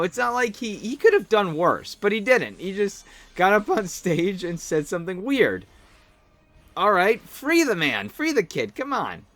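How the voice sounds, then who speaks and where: Male podcast host, slightly high voice, excitable and laughing, just getting over a cold. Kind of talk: casual solo podcast commentary.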